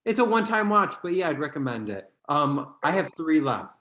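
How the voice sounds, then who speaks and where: A man co-hosting a podcast in casual chat, animated and quick to jump into high quoted voices. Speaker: podcast co-host. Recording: roomy, echoey room sound.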